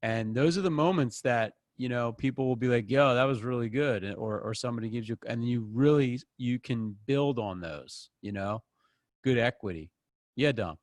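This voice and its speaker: A man teaching an acting class in a loose, conversational voice. He talks casually and gets animated, playing out the people he quotes. The sound is dry and close to the mic. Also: mid-range voice, moderate pace, no echo. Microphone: close microphone.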